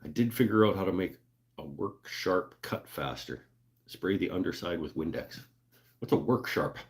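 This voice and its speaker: A man's voice: low-pitched, expressive, moderate pace. A man hosting a casual livestream from his woodworking shop, chatting loosely and jokingly with viewers. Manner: laid-back, joking, lots of fillers and laughs. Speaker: livestream host. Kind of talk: casual livestream chat reading viewer comments.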